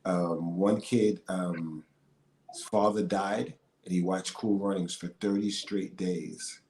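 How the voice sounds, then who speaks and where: A middle-aged actor and singer talks as an interview guest in a low voice at a slow pace, telling stories full of fillers and frequent laughter. He's an animated storyteller in a casual interview chat, recorded in an echoey room with faint noise.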